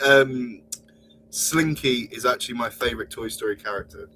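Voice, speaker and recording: A man's voice: medium pitch, normal speed, bright, forceful tone, slight background noise. A young man hosting a stream, chatting in a goofy, joking way. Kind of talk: casual chat.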